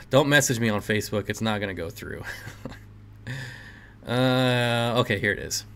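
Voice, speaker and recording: A man's voice: medium pitch, a little slow, fairly bright tone, slight background noise. A man hosting a casual livestream, reading chat comments aloud and joking with viewers, often laughing. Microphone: desk mic.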